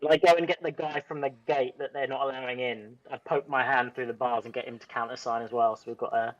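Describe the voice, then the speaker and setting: A man's voice: mid-range voice, fairly even intonation, quick pace, muffled recording, crowd noise. A man playing a tabletop game, chatty and rambling. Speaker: player. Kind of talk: casual tabletop role-play.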